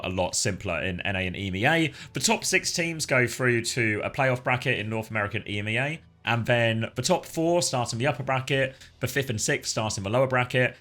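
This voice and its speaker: A man's voice: mid-range voice, pushed and bright. A man co-casting an esports match in casual chat, laughing often and swearing casually. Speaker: esports co-caster.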